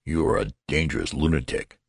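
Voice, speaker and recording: A man's voice: a bass voice, brisk, vocal fry, dry recording, studio quality. A man doing a stern, scolding college registrar. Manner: curt and scolding. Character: stern, irritable older male college registrar.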